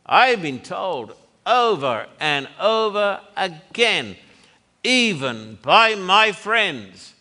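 A man preaching a sermon in an emphatic, deliberate way. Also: high voice, pushed and bright, big-room sound.

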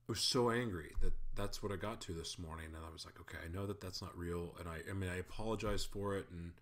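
A man's voice: deep voice, a bit bright. A man in a casual spoken faith reflection, candid and self-deprecating, who chuckles often and stumbles over his words.

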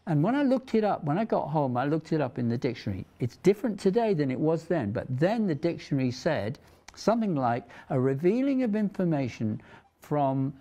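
Chatty man with a mellow voice. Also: a little high, very animated, a little fast. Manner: chatty, rambling storyteller who laughs often. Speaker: TV show host. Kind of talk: casual Christian talk show chat.

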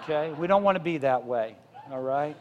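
Male pastor, sermon delivery, impassioned swells, bright high voice, long church reverb. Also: lively intonation, normal speed, muffled recording, a little hiss or hum. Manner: impassioned, rising to loud emphatic peaks. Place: church sanctuary.

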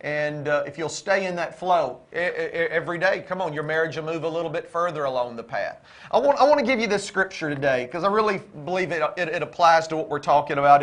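A man co-hosting a Christian marriage show, talking in an exhorting, preaching style that repeats key phrases and builds toward near-shouts. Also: sits high.

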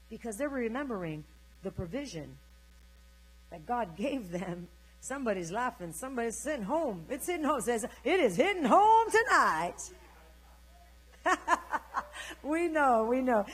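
An older woman preacher delivering an energetic sermon, urging the congregation to repeat her words. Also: medium pitch, poor audio.

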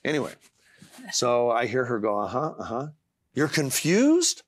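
A middle-aged man, a guest author, earnestly tells a personal faith story in an interview, often halting with fillers and restarts. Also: mid-range voice. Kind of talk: testimony in a talk-show interview.

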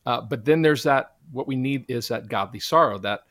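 A man's voice: mid-range voice, moderate pace, fairly bright tone, no room sound. Earnest preaching man, dry close mic. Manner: earnest, preacherly, quotes scripture. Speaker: guest, Christian minister. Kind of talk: conversational interview testimony.

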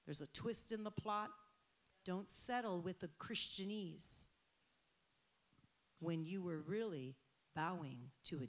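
A woman preaching a sermon with passion, dropping to quiet stretches and then rising to loud, emphatic peaks. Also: on the low side.

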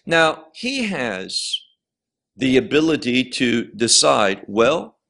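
A man giving a Bible lecture as its teacher, stressing key words slowly and emphatically, often restarting and repeating words as he explains. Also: medium pitch, big pitch swings, vocal fry, fairly bright tone.

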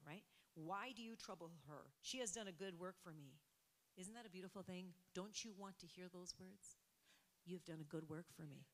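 Woman pastor, mid-pitched voice, passionate sermon delivery with soft hushed moments. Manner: impassioned preaching, rising emphasis, drops to soft near-whisper.

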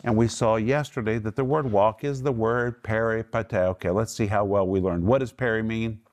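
A man's voice: lowish voice, steady tone, a little mellow. Male Bible teacher, emphatic, voice jumps up for quotes, stretches key words. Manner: emphatic, raises voice sharply for quotes; draws out key words slowly.

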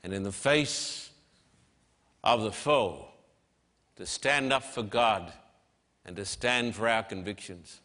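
A man preaching a sermon with emphatic, measured delivery and dramatic pauses. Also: lowish voice, sharp tone. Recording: long hall reverb.

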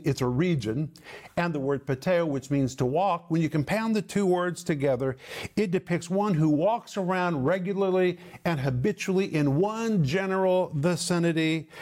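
A male Bible teacher with a somewhat high voice. He teaches in an emphatic, deliberate way and slows down to press on the words that matter. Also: a little mellow.

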